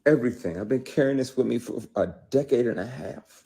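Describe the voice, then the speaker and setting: A man telling a personal story, emphatic, swinging between quiet intensity and loud outbursts. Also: medium pitch, fairly quick, creaky, husky. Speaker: actor telling his story. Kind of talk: heated personal account, clip.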